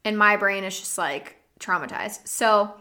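Young woman, podcast host, bright tone, animated casual chat, loud bursts. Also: medium pitch, a little slow. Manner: animated, swings between soft and loud, laughs often.

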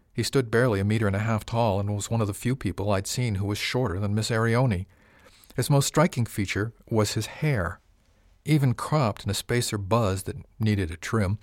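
Low-voiced man reading a story. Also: dry recording, studio quality. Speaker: narrator. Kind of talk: audiobook narration.

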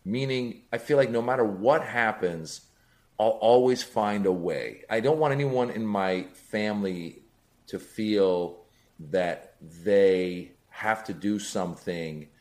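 A man's voice: on the low side, slow pace. A middle-aged man, a comedian guest, telling comic stories on a podcast and acting out the voices of the people in them. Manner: animated, acts out voices, rising excitement.

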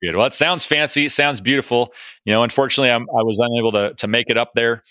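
A man's voice: mid-range voice, fast, sharp tone, no echo. An American man hosting a podcast interview, chatty and self-deprecating, with lots of fillers. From United States. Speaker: podcast host. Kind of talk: casual interview chat.

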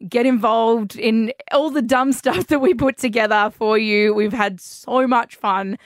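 An Australian woman co-hosts a breakfast radio show, chatty and quick to giggle. Her voice is fairly high, with a dry, close studio sound. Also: no room sound. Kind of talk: casual radio banter. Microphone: studio microphone.

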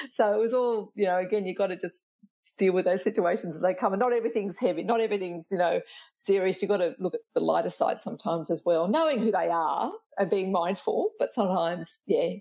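Her voice sits in the mid range, quick and creaky but warm, as this retired police officer tells stories during a relaxed interview chat. She laughs frequently and keeps restarting her sentences.

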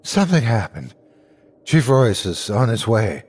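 A man's voice: fairly low pitch, sing-song, unhurried, darkish tone, breathy edge, heavily acted. A man voicing the frightened first-person hero of a horror story, speaking urgently and breathlessly.

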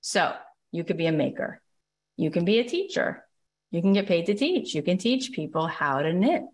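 A middle-aged American woman hosting a live podcast talk, speaking with emphatic, excitable energy and acting out quoted dialogue. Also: fairly low pitch, normal speed. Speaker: podcast host and business coach.

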